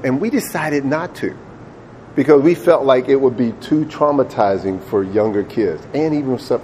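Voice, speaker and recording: A man's voice: mid-range voice, mellow, slight background noise. A man preaching a sermon, retelling a story in a conversational way and repeating words when he gets emphatic.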